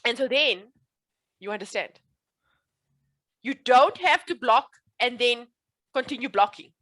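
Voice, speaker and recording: A woman coaching a client one-on-one, earnest and reassuring, often stopping to promise something is true. Her voice sits a little higher than most women's. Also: a little slow, fairly bright tone. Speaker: speech coach.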